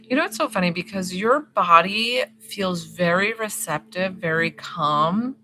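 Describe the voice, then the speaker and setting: A woman's voice: lowish voice, expressive, measured pace, sharp tone. A woman spiritual healer talking through a live-streamed remote healing session, chatty and rambling, full of fillers and reassuring affirmations. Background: faint music.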